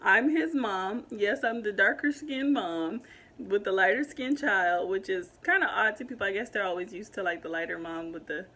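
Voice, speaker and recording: A young woman in a casual storytime vlog, talking animatedly with many fillers and growing loud when upset. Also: medium pitch, normal speed. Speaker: vlogger telling a story.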